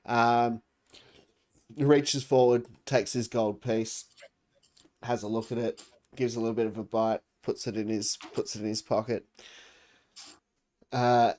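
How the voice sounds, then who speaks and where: A man running a tabletop game as game master, narrating scenes in a rambling, hesitant way. He pauses on fillers and jokes with the players as he goes. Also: mid-range voice, steady tone, darkish tone.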